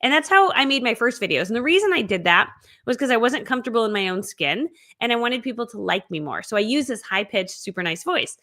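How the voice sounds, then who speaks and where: Amped-up, chatty woman with a high voice. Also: fast talker. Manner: energetic, amped-up, chatty, laughs often. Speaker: host of an online business training. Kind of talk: live-streamed training talk.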